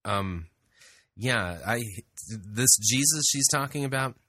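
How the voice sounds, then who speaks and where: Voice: mid-range voice, animated, takes it slowly, sharp tone, no echo. A commentator giving blunt, dismissive remarks in a critical voice-over. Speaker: online commentator critiquing a sermon.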